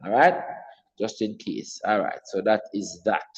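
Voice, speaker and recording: A man's voice: lowish voice, a little slow, a little mellow, big-room sound, lo-fi sound. A man teaching an exam revision math lesson, patiently repeating key points and checking in with his class.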